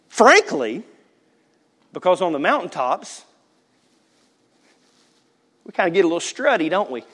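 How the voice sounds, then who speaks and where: A man preaching a sermon, swinging between loud, animated passages and hushed asides. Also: medium pitch. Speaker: pastor.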